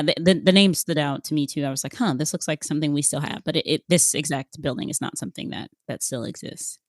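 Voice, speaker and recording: A woman's voice: deep voice, dry recording, clean studio sound. A woman co-hosting a podcast, explaining things carefully and steering the talk with questions to her partner. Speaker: podcast co-host.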